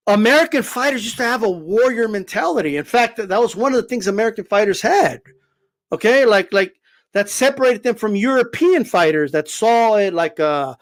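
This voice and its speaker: High-voiced man ranting about fights. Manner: animated, profane, repetitive fillers. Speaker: boxing commentator. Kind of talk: casual opinion rant.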